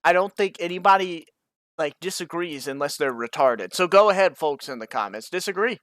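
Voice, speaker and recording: A man's voice: on the high side, expressive, brisk, a bit bright, dry recording, clean studio sound. A young American man co-hosting a live-streamed podcast, joking around and swearing freely. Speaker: podcast co-host. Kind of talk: casual live-stream chat. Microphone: stream microphone.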